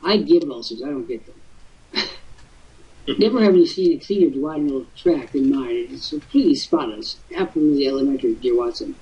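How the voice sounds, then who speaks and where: A man's voice: mid-range voice, lively intonation, quick pace, far from the mic. An older man hosting a live webcast talk show, telling stories expansively with theatrical asides. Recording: husky voice from off-mic, muffled lo-fi audio.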